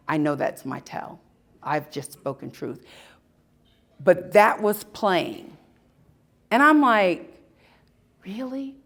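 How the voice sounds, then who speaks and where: Woman telling stories to a crowd at an expo, slow and drawn out, pitch swinging all over, big emphatic pauses. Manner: animated, emphatic storytelling with dramatic pauses. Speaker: speaker at a spirituality expo. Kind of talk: live storytelling talk to an audience. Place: expo talk in front of a live audience.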